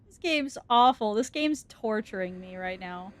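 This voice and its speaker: A woman streamer narrates her horror game in a high voice at an unhurried pace. She is jumpy and easily scared, cursing at the screen and laughing nervously. The sound is dry and close. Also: lively intonation, dry recording. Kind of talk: let's-play commentary.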